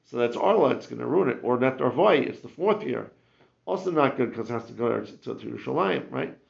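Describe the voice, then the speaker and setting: A man's voice: mid-range voice, expressive, a little fast, creaky. A man teaching a Talmud class, explaining with rhetorical questions and frequent restarts. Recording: muffled lo-fi classroom recording.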